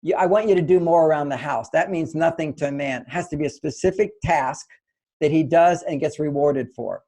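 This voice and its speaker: Older male advice author, mellow and slightly high-pitched, patient teaching manner. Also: a little fast, rough recording. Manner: gentle, explanatory, acts out little dialogues. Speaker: relationship author and guest. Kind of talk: conversational advice interview.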